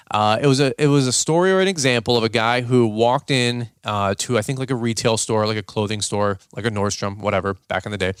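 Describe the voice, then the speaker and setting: A man talks through a podcast story in a loose, rambling way, stopping to restart his sentences. His voice is smooth and sits at an ordinary pitch. The sound is dry and close. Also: a bit bright, dry recording. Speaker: podcast host. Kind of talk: casual podcast monologue.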